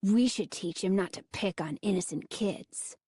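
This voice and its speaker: A woman's voice: mid-range voice, normal speed, mellow, slightly rough, no room sound, studio quality, close to an everyday voice. A woman voicing a mocking, snickering boy prankster in a storybook audiobook.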